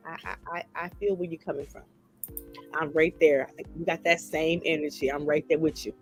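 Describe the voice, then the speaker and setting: A woman in casual chat with a lowish voice, eagerly backing someone up. Faint music hums behind her. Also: fairly even intonation, normal speed. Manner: eager, agreeing.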